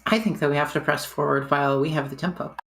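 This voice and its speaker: A man voicing a gruff, bold adventurer who rallies his comrades in a steady, rousing way in a tabletop game. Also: on the high side, fast talker. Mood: rallying.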